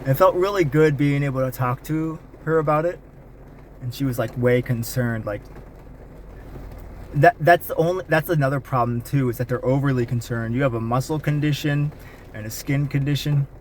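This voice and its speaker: Man, casual vlog, candid, rambling, fillers, mid-pitched voice, faint rain behind. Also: normal speed, a little mellow, a little hiss or hum.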